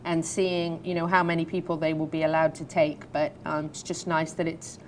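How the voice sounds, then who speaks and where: English woman host, lowish voice, playful and chatty, studio chat with faint background rumble. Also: little pitch movement, moderate pace. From England. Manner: chatty, laughs easily, playful. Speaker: talk show host. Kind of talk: casual chat and news reading.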